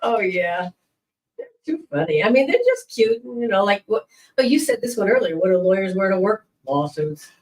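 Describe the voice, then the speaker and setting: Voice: mid-range voice, animated, moderate pace, distant mic, rough recording. A co-host on a casual livestream, reading out viewer comments and jokes with frequent giggles.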